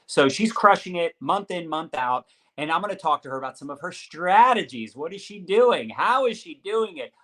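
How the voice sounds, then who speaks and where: A man's voice: on the high side, animated, normal speed, hardly any pauses, sharp tone. A man hosting a live-streamed interview over a video call, talking in an upbeat, hyped-up motivational way. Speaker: host.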